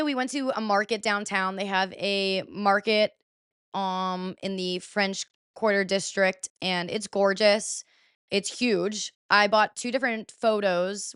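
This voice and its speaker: Chatty young woman, smooth dry voice. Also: mid-range voice, fairly bright tone, dry recording. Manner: chatty, swears freely, lots of "like". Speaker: podcast host. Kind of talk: casual storytelling.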